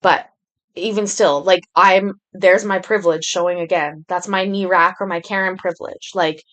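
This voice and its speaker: Chatty woman with a lowish voice. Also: steady tone, moderate pace, fairly bright tone. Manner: rambling, candid, chatty. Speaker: host. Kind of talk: casual commentary on court videos.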